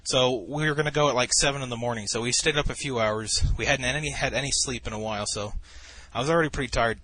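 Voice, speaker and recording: A man in his twenties telling a long, rambling story in casual chat, deadpan and full of swearing. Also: mid-range voice, fast talker, dry recording. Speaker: gamer narrating over a replay.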